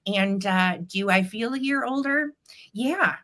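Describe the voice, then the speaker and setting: A woman's voice: medium pitch, animated, a little slow, a bit bright. A middle-aged woman hosting a live vintage sale stream, bubbly and chatty, greeting viewers by name.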